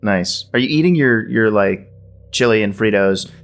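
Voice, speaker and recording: Low-voiced man running a tabletop game. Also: normal speed, soft background music. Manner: loose, hesitant narration with fillers. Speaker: game master.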